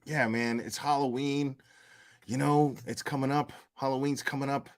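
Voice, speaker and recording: A man's voice: medium pitch, fairly even intonation, moderate pace. A man hosting a commentary channel, talking casually and profanely, rambling and answering his chat.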